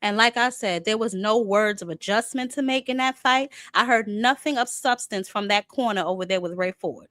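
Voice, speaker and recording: A woman's voice: medium pitch, moderate pace, few pauses, fairly bright tone, dry recording. A woman host, giving sassy, chatty boxing commentary full of fillers. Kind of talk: casual commentary.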